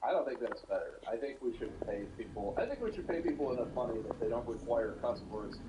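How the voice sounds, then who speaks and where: An American man co-hosting a podcast, telling stories in a lively, casual way, swearing often and jumping into exaggerated mock voices. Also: reverberant, far from the mic, background noise. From United States. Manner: animated storytelling, quick swearing, jumps into high mock voices. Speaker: podcast co-host.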